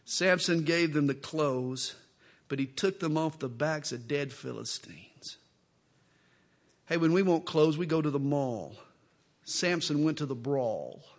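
A man with a high-pitched voice preaching a sermon. He shifts easily between reading scripture and dropping casual jokes, and his tone stays folksy and conversational. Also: animated, a little slow. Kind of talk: expository sermon with humorous asides.

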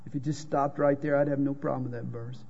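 A man's voice: medium pitch, flat delivery, fast, gravelly, warm tone. A man with a Southern US drawl preaching a sermon, telling folksy jokes and reading scripture. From American South. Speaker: pastor. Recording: dull lo-fi sound with long hall reverb.

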